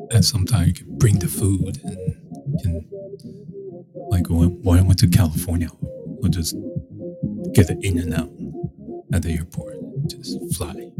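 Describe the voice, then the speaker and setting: A man talking in a rambling casual monologue, full of restarts and mocking quoted voices. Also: low-pitched. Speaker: show host. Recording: music playing behind the voice.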